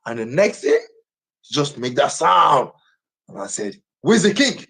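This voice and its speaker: A man's voice: medium pitch, sing-song, unhurried, vocal fry, a bit bright, breathy edge. A Nigerian man ranting on a livestream, agitated and repeating the same phrases over and over.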